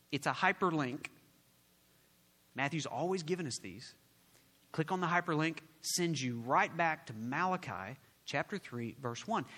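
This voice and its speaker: A man preaching in a large church, his voice high and bright as he asks the congregation questions and waits for answers. His words ring out with a long hall reverb. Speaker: pastor. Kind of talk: sermon.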